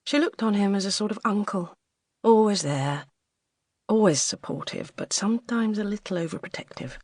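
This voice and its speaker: A British woman narrating an audiobook in a measured, even manner. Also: mid-range voice, husky, no echo, clean studio sound. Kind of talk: scripted narration.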